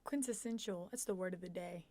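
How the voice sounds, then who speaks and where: A woman's voice: fairly low pitch, a little fast, a little mellow, no echo. A woman guest in a casual podcast chat, reacting with enthusiasm and frequent laughter.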